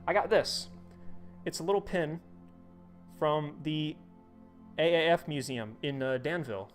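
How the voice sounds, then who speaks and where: A man's voice: fairly high pitch, unhurried, faint music behind. Rambling, chatty male streamer. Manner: rambling, chatty, many fillers and restarts. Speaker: live streamer. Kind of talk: casual live stream chat.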